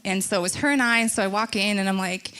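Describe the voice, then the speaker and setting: A woman giving a sermon in a chatty, animated way, telling personal stories and laughing often. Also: mid-range voice, quick pace, clear, resonant tone. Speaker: church speaker. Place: church stage.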